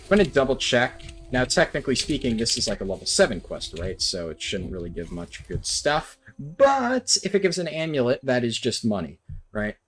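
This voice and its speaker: A young woman streamer giving casual gameplay commentary at her home desk, swearing a lot and turning panicky and excitable. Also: rumbling low, normal speed, slight background noise. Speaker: gaming streamer.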